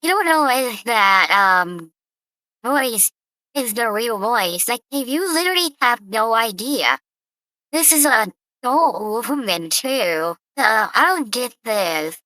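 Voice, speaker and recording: A woman reacts casually to a clip and tosses in blunt, dismissive asides. Her voice is bright and lively in pitch, and she talks slowly. The sound is dry and close. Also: dry recording, poor audio. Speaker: reaction streamer.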